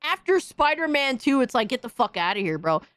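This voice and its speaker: A woman's voice: sits high, sing-song, a little fast, fairly bright tone, no room sound. A woman hosting a podcast, delivering a heated, profane, slang-filled rant in casual commentary. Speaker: podcast host.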